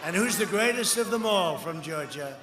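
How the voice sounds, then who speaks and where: A man's voice: sits high, lively intonation, normal speed. A man in his seventies giving a campaign rally speech, rambling and repeating himself, boasting and riffing with the crowd. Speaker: political speaker. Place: large outdoor rally. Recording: echoey rally sound, cheering crowd. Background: crowd noise.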